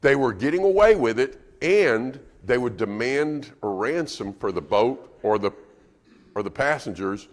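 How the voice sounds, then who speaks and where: A man's voice: medium pitch, lively intonation, measured pace. A man preaching a sermon as guest speaker, conversational and asking the congregation questions. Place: church auditorium. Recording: reverberant church hall.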